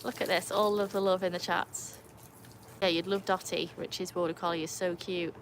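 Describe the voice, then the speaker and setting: A woman's voice: fairly low pitch, normal speed, slight background noise, rough recording. Brit woman w/ birmingham-welsh mix accent, livestreaming from home, chatty, gets squealy saying hi to people. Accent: mixed Birmingham and North Wales English. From England and North Wales. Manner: chatty, greets viewers by name with bursts of excitement. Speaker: livestream host. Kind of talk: casual livestream chat with viewers. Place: home with a pool.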